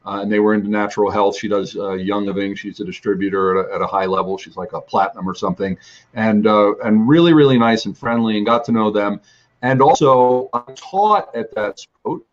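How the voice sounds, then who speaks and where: A ministry teacher with a lowish voice speaks briskly, sharing a long storytelling testimony about his travels that rambles with restarts and fillers. The recording sounds muffled.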